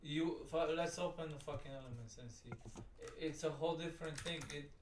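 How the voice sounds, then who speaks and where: Speaking a little fast in a high-leaning voice, this man rants through rambling, profane reactions to a video, clearly exasperated. The roomy recording catches him distant from the mic, with a faint hiss or hum.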